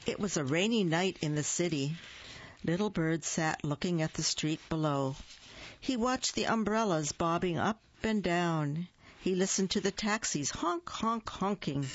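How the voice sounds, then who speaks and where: A storyteller reading a picture book aloud, expressive and acting out the sound words. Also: mid-range voice, measured pace, a little hiss or hum. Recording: dull lo-fi dry recording.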